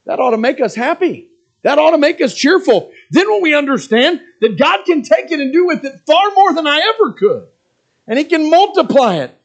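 A man's voice: extremely high pitch, very animated, moderate pace. A middle-aged male pastor preaching a sermon, earnest and plain, who slips into mocking asides as he quotes reluctant givers.

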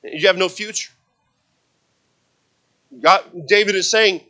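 A man delivers an expository sermon in a high, bright voice. He walks through the verses earnestly, often restarting his sentences. When he quotes scripture, his delivery swells into emphatic peaks. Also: slow, pauses often. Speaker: preacher.

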